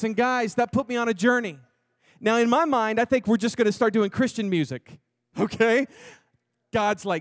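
A man preaching a testimony sermon, moving from hushed, slow moments to loud, excited storytelling. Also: on the high side, no room sound, clean studio sound. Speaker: pastor.

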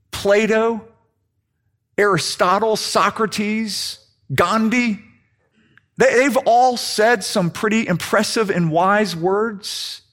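A man with a high voice preaching a sermon. He delivers it dramatically, slowing down and sinking low to press his points home. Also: fairly bright tone. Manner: dramatic, slows down and drops low for emphasis.

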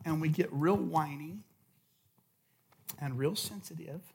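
A man preaching a sermon as pastor, impassioned, swinging from loud shouts to hushed intensity. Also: a little high, slow, creaky, a little hiss or hum. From California.

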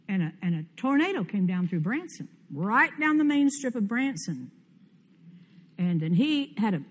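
An older woman preaching a conference sermon, fervent and commanding, with sudden loud rises in her declarations. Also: medium pitch. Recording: long hall reverb.

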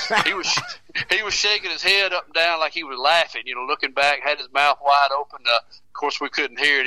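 A man's voice: medium pitch, sharp tone, no room sound, rough recording. A man telling a folksy tale as a radio guest, chuckling and restarting as he goes. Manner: chuckles through his tales, halting repeats. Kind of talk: folksy storytelling.

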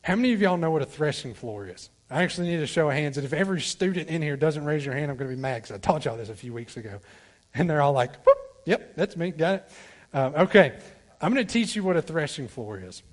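A man preaching a sermon as a guest preacher. He talks straight to the congregation, swinging from loud pleading down to quiet, low asides. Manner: talks directly to the congregation, asks for responses. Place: church sanctuary.

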